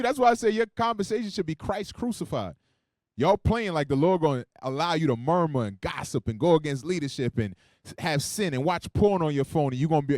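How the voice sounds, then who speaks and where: A man preaching a sermon, calling on a reader for verses and joking in between, swinging from loud emphasis to quiet asides. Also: high voice, no room sound, studio quality. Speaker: preacher teaching a Bible class. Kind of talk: sermon with call-and-response scripture reading.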